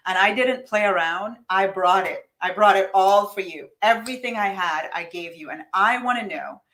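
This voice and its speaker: On a live stream, a woman coaches her audience on money mindset with high energy and emphasis, addressing viewers directly and reading their comments aloud. She speaks at a normal speed with a slightly bright tone.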